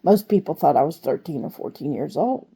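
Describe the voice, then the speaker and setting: Gravelly woman telling her own story. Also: sits low, animated, warm tone. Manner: unhurried, conversational, with fillers. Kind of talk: personal storytelling.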